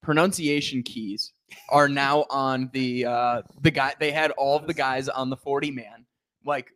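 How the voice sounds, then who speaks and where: A talkative man hosting a sports chat show, working through his numbered points with emphasis. His voice sits at an ordinary middle pitch for a man. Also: steady tone, a little slow, fairly bright tone. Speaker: sports podcast host.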